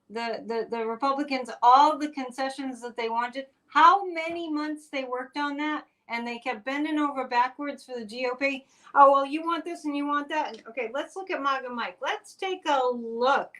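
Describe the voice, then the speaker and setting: Speaking at a moderate pace in a high, slightly bright voice, a woman hosts a psychic live stream. Her political commentary is casual and exclamatory, chatty, and laced with sarcastic asides.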